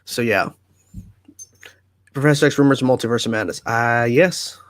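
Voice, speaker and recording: Man hosting a livestream, laid-back and chatty, dry close sound, pitch right in the middle. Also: normal speed, no room sound. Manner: relaxed, chatty, reads viewer comments aloud and answers them. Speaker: livestream host. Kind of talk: casual livestream chat answering viewer comments. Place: at home.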